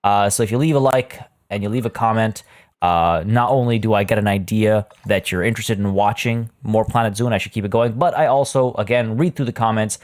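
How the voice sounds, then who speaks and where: A man's voice: on the low side, brisk. A man talking casually as a gaming YouTuber over a let's play, chatty and rambling with many fillers.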